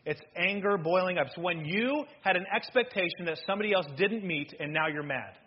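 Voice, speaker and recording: A man preaches in a church with a high, husky voice. He swings from loud, driving lines to quiet, hushed asides. The recording sounds dull and lo-fi. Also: a little fast. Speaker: pastor. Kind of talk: sermon. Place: church sanctuary.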